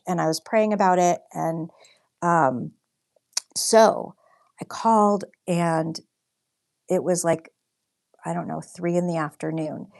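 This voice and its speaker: A young woman talks in a relaxed, chatty way while painting on a livestream. Her voice sits fairly low and often drops into a gravelly fry. She tells stories with plenty of fillers and stops now and then to read out viewer comments. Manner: chatty storytelling, many fillers, reads out comments. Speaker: livestream host and artist.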